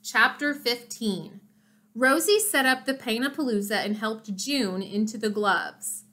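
Slow, fairly high-voiced woman reading a storybook. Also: sharp tone. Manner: explains the pictures to listeners. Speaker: storybook reader. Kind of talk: reading a children's chapter book aloud.

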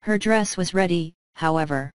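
A woman reading a classic short story aloud as narrator, calm and measured. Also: on the low side, smooth, rough recording. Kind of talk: scripted narration.

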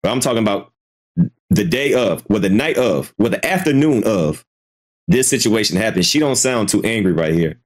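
A man talks through his reaction on a live commentary stream, circling back over his own words and cursing freely. His pitch moves around a lot, jumping high when he gets worked up and dropping low when he trails off. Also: animated, moderate pace. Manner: hesitant, repeats himself, swears freely. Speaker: commentary channel host.

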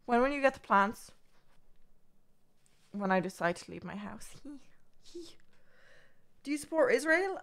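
A young Irish woman talks live to her viewers in a slightly high, expressive voice at a moderate pace, with long pauses and a bit of brightness. She's blunt, swears constantly, and wanders into asides to chat.

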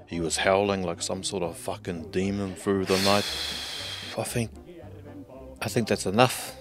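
A man's voice: sits low, fairly even intonation, measured pace, music in the background. A man with a New Zealand accent hosting a comedy sketch, crude and laid-back, swearing often. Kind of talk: casual comic banter.

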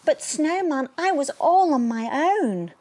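A woman voicing a small, eager young male rabbit in a high, excited, childlike voice. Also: measured pace. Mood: relieved.

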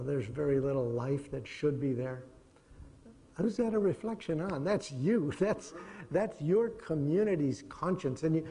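A middle-aged man lecturing a class in a relaxed, digressive way, his voice gravelly and mellow. He sits a little high in pitch for a man. The sound carries a long reverb from the lecture hall. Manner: conversational, digressive, chuckling.

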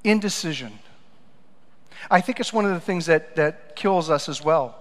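A pastor preaching a sermon, telling stories and swinging between loud emphatic lines and quiet low asides. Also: male voice, brisk. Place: church sanctuary. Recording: church hall with long reverb.

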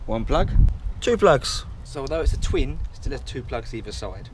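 A man's voice: medium pitch, big pitch swings, moderate pace, background noise. A man casually talking through a motorbike service step by step, chatty and jokey. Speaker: home mechanic.

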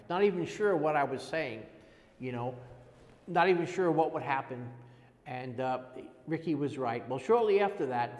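A man in his sixties, an interviewee giving a halting, earnest personal testimony and often repeating words as he goes. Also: mid-range voice, a little mellow. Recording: long echoey reverb.

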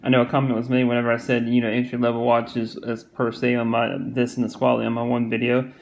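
Gravelly Southern man reviewing a watch. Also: medium pitch, monotone, fast, a little mellow, poor audio. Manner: rambling, repeats himself, many fillers. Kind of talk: casual product review.

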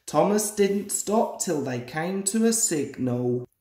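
A young man in his twenties reading a children's storybook aloud as a storyteller. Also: on the high side. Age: 20s. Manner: slow, lively storybook reading. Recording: roomy echoey room.

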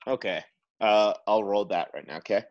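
A man's voice: on the low side, moderate pace. A young man playing a tabletop game, talking casually and hesitantly while describing his character's moves. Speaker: player. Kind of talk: playing a tabletop game over a video call. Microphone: video call. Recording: muffled video-call audio.

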